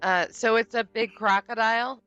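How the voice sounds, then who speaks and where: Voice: mid-range voice, fairly even intonation, normal speed, bright, forceful tone, lo-fi sound, faint music behind. A player in a tabletop game session, making joking asides in casual chat.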